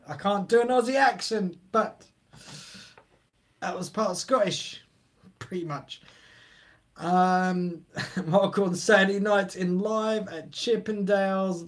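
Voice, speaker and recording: High-voiced man chatting on stream. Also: slow pace. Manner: chatty, joking, rambling, reading chat aloud. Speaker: live stream host. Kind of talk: casual live stream chat.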